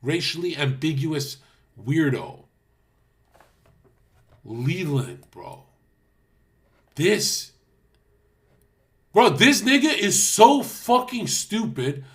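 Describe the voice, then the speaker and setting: A man's voice: on the high side, big pitch swings, drawn-out words, long pauses. A young man livestreaming, telling a story as a casual rant. He swears a lot, mocks people, and acts out what others said. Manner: profane, mocking storytelling.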